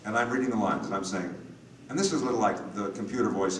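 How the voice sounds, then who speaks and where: An older man telling an animated story on a convention panel, recorded from far off in an echoey hall. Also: lowish voice, fast talker, slight background noise. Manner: animated anecdote teller with acted quotes. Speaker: panel guest, voice actor.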